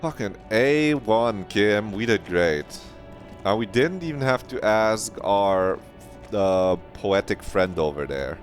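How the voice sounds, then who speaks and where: A man's voice: on the low side, expressive, slow pace, faint music behind. A man streaming a video game, chatting playfully in a rambling, mock-dramatic way and swearing now and then. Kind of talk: casual live-stream commentary.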